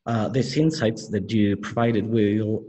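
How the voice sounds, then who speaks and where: A man's voice: lowish voice, fairly even intonation, measured pace, mellow, poor audio. Hesitant Mexican Spanish-accented male host. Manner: hesitant, many fillers and restarts, polite. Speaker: interview host. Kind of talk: interview conversation.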